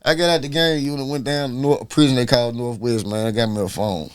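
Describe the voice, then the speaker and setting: A man, a podcast guest telling a long personal story in an animated, slangy, casual way. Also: mid-range voice, quick pace, clean tone.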